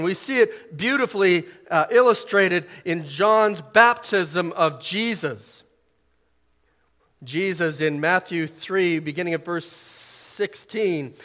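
A man preaching a sermon in short, emphatic phrases, swelling loud and dropping soft as he reads scripture. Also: high voice, long reverb tail.

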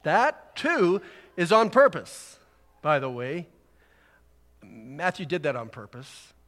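Conversational preacher in a reverberant hall. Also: male voice, a little high, a bit bright. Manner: conversational, rising to emphatic exhortation. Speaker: pastor. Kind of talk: sermon.

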